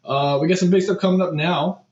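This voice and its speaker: A young man co-hosting a podcast, chatting casually about music news, animated and exasperated with lots of fillers. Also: high voice, brisk. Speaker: podcast co-host. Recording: echoey room, dull lo-fi mic.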